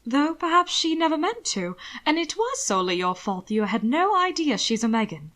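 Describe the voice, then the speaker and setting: A woman voicing an earnest young gentleman who speaks gently and sincerely. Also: high voice, very animated, moderate pace, pitched above the performer's own voice.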